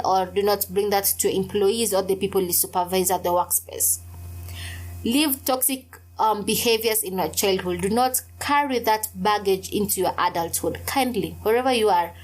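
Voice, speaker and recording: A young woman hosting a solo podcast, telling a personal story in a candid, emphatic way with frequent fillers. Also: medium pitch. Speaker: podcast host. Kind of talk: casual solo podcast talk.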